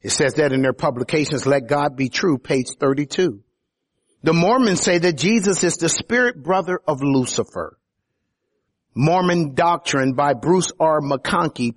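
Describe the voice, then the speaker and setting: Husky-voiced man preaching with emphasis. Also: a little high. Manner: preaching with rising emphatic peaks on key phrases. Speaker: pastor. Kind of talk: sermon.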